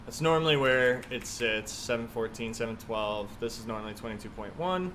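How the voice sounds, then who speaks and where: Male streamer, casual chat, thinks aloud through cockpit checklists, medium pitch, faint background hum. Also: animated, moderate pace, fairly bright tone. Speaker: flight sim streamer. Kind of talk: casual live-stream commentary.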